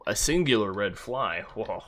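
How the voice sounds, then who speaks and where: Guy streaming a game, low voice but swings up and down a lot, rambly and distracted, swears a bunch. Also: lively intonation, a little slow, a bit bright, soft background music. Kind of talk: casual gameplay commentary.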